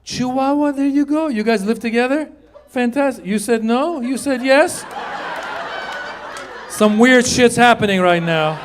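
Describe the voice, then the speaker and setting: A middle-aged man doing a stand-up comedy set, telling stories with animated delivery and squeaky put-on voices. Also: measured pace, crowd noise, noisy background. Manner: animated storytelling, acts out high squeaky voices. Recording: live stage mic, audience laughter. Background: audience laughter and room ambience.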